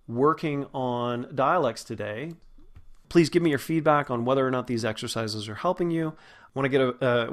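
A man, hosting an acting podcast and patiently teaching vowel sounds. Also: medium pitch. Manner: patient, instructive, demonstrates sounds slowly. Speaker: acting and dialect coach, podcast host. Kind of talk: spoken lesson on vowel sounds.

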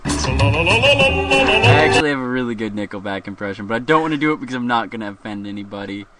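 A man's voice: medium pitch, very animated, brisk, over loud music. A man from the Philadelphia area hosting a casual live show, rambling and joking with frequent laughs. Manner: rambling, jokey, laughs often. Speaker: host.

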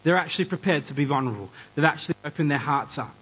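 A man preaching a conversational sermon, animated and acting out quoted voices. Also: on the high side, very fast, breathy edge, low-quality recording. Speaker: pastor.

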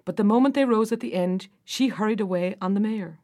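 A woman narrating a folk fairy tale in an unhurried storytelling manner. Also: medium pitch, dark tone.

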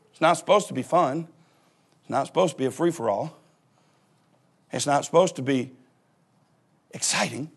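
Lively high-voiced folksy preaching man. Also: breathy edge. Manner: folksy, joking, animated preaching. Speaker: pastor. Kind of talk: sermon. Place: church.

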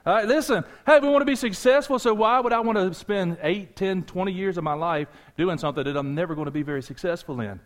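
A pastor delivers his sermon in a high voice at a quick pace, barely pausing. He speaks directly and conversationally to the congregation, animated, with asides and jokes throughout.

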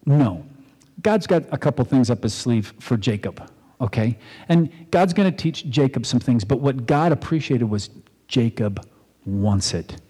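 Male pastor, casual storytelling sermon, warm husky tone, long hall reverb. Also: medium pitch, expressive, unhurried. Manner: conversational storytelling, acts out quotes.

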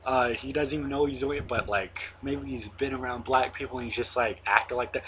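A man's voice: medium pitch, steady tone, fairly quick, bright, forceful tone, slight background noise. A young man in his late teens hosting his own online show, rambling casually with lots of fillers and the odd swear word. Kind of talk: casual monologue to camera.

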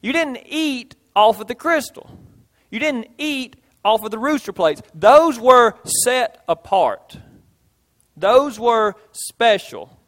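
A man's voice: very high voice, lively intonation, slow, a bit bright. A male pastor, preaching a sermon in a folksy way, with homey stories and emphatic repetition.

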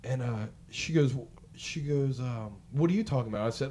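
A man's voice: medium pitch, moderate pace. A man telling a long story in casual chat, rambling and profane, acting out what people said. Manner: rambling, profane, animated, acts out quotes. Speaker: podcast co-host telling a story.

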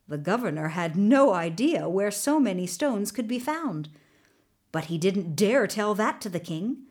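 A woman narrating a storybook fairy tale in an expressive, measured manner. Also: medium pitch.

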